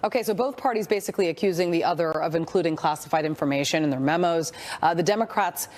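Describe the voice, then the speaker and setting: Woman, news anchor, lowish voice, chatty, laughs easily. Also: fast talker, a little mellow.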